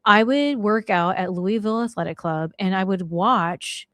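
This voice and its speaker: A middle-aged woman casually telling a story on her podcast, slangy and animated, acting out the people she quotes. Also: mid-range voice, normal speed, no echo, clean studio sound. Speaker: podcast host.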